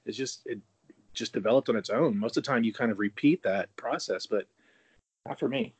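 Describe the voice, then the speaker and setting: A man in his thirties chats loosely on a podcast, restarting his sentences and laughing often. His voice sits at an ordinary pitch. The sound is close and dry, with no room around it. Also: fairly quick, breathy edge, no echo. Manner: chatty, laughs easily, many restarts. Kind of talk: casual chat.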